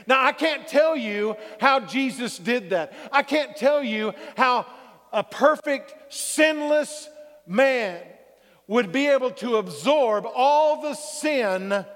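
A man with a high voice delivers a measured, unhurried sermon as a pastor. He draws the congregation in with call-and-response and acts out what people say. His voice carries the long reverb of a church hall. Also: animated, fairly bright tone. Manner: preaching with call-and-response "Amen?" and acted-out quotes.

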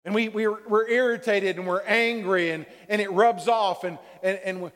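This pastor's voice is high and a bit bright, moving a little fast with hardly any pauses and leaving a long reverb tail. Mid-sermon, he calls "Amen?" to his congregation and acts out everyday quotes.

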